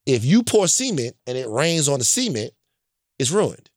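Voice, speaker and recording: A man's voice: medium pitch, big pitch swings, normal speed, no room sound, studio quality. A man from Louisiana telling stories in a casual chat, blunt and emphatic, often checking in with "right?". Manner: profane and blunt.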